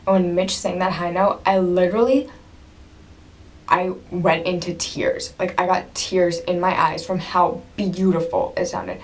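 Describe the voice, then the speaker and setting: A young woman with a slightly lower voice gushes to her camera at home, telling her story in a breathless, excited rush. She breaks into laughter and drops to a whisper now and then. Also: a little slow, a little hiss or hum. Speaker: vlogger.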